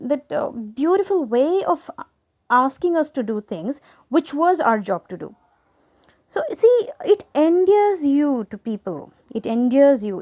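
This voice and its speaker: A woman's voice: sits high, a little mellow. A woman teaching a spoken English lesson, earnest, repeating phrases for emphasis and checking in with "okay?".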